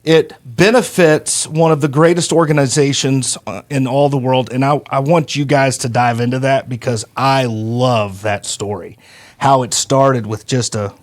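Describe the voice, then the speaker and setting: A man hosting a podcast, telling stories in a folksy, animated way. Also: medium pitch, measured pace. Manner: folksy, animated, acts out quoted voices. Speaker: podcast host. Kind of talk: casual storytelling chat.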